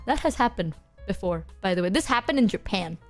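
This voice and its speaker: A woman streamer chatting casually with her chat, telling stories in an animated, foul-mouthed way full of fillers. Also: medium pitch, brisk, faint music behind. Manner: animated, swears freely, filler-heavy.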